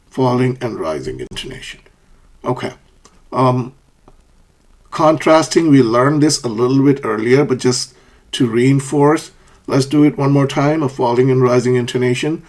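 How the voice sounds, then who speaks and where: A man's voice: animated, normal speed, a little mellow. A man teaching an online English lesson on intonation, reading example sentences aloud with exaggerated rises and falls and checking in with a frequent "okay?". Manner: models example sentences with exaggerated rising and falling pitch.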